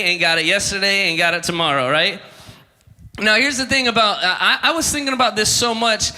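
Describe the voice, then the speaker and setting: A man's voice: high-pitched, fairly quick, bright, forceful tone. A man in his thirties giving a humorous youth sermon, telling jokes and calling for responses from the crowd. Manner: joking storyteller, calls for crowd responses. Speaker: youth ministry speaker. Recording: long hall reverb.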